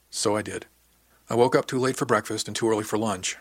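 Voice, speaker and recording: A man telling a story in the first person, plain and earnest. His voice sits low with a husky edge. The recording is dry and close with no room sound. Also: a little fast, a bit bright, no room sound. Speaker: audiobook narrator. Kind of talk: first-person audiobook narration.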